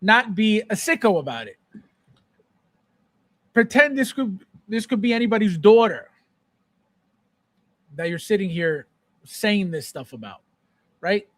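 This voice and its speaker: A man's voice: high voice, very animated, measured pace, pauses often, fairly bright tone, no room sound. A man hosting a live collector show, ranting with exasperation and repeating himself as he answers chat. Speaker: podcast host. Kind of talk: live-stream chat with viewers.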